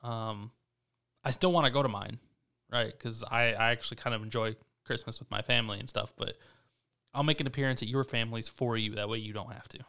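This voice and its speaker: A man's voice: mid-range voice, steady tone, a little fast, vocal fry, pushed and bright, clean tone. A laid-back man in casual chat, joking and swearing casually. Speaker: podcast co-host.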